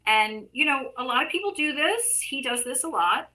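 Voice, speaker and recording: A woman's voice: sits high, animated, normal speed, bright, forceful tone, rough recording. A woman guest, an artist and art teacher, speaking bluntly and emphatically in casual conversation, with frequent swearing.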